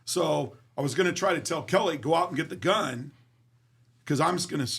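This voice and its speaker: A man's voice: a little high, fairly quick, gravelly, a bit bright, breathy edge. A man being interviewed, telling a story in a vivid, profane way and acting out the dialogue. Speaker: interview guest. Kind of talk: casual storytelling.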